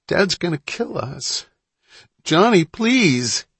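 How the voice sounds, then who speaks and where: A man's voice: mid-range voice, expressive, a little fast, a little mellow, slightly rough, dry recording, pitched above the performer's own voice. A man voicing a frightened young boy who pleads and frets. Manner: fearful, pleading, tearful. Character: scared young boy, little brother, timid.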